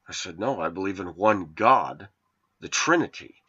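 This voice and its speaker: A man's voice: deep voice, animated, moderate pace, sharp tone, breathy edge, muffled recording. A man in his forties telling a rambling personal story in an indignant, preachy way to his viewers. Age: 40s. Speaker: vlogger.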